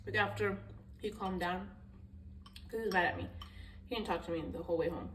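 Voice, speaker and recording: A woman's voice: mid-range voice, a little fast, a bit bright, distant mic. A young woman vlogger talks straight to camera in a loose, rambling storytime, candid and casually profane. Her voice sits a bit back from the phone mic, in a roomy, echoey space with a faint hiss underneath.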